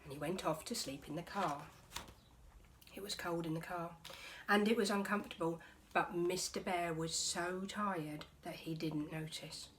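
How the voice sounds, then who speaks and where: A woman teacher reading a picture book aloud to her class, expressive, with soft whispered passages. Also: fairly low pitch, moderate pace, a little hiss or hum.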